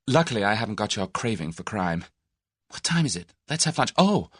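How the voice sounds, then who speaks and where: Man putting on a bold young woman, eager and excited, raised lilting voice, dry close sound. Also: fairly quick, slightly rough, dry recording, exaggerated voice. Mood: brisk. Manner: excited, high-pitched.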